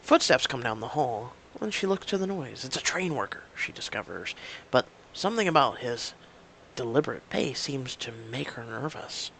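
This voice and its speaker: A man's voice: medium pitch, very animated, normal speed, vocal fry, a bit bright, slight background noise, rough recording. Man casually reading a story game aloud. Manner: casual, hesitant reading with restarts. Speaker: reader of an interactive story game.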